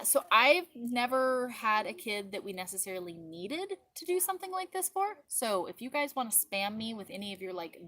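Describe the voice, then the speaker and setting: Mom doing a casual live chat out in the yard, rambly, lots of likes and ums, little bit of background hum. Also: female voice, mid-range voice, sharp tone. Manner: chatty and rambling, full of "like" and "um". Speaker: live-stream host and mother. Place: outdoors in a backyard.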